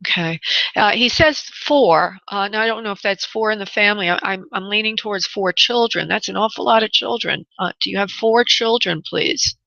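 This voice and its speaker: A woman hosts a call-in radio show as a spirit medium, and her voice is bright and forceful. She feels her way through each reading with halting starts and restarts and calls her callers honey and love. The recording is dry and dull, with a lo-fi radio sound. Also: medium pitch, creaky, no room sound. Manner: halting, searching, with many restarts.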